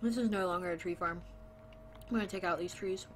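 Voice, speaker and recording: A woman with a lowish voice streams a video game, talking a little fast over slight background noise. She chats playfully with viewers, greeting them and joking along while she plays.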